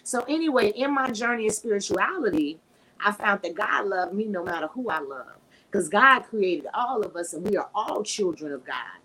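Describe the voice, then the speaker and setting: A woman hosting a casual live podcast, talking frankly and preachily, her voice swinging between loud and soft. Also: medium pitch, animated, normal speed, slight background noise, rough recording. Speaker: podcast host.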